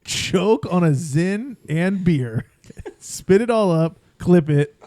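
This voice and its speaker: A man's voice: high-pitched, lively intonation, slow pace, dark tone, no echo. A young man co-hosting a casual podcast, teasing and laughing often. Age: young adult. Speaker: podcast co-host. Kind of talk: casual chat.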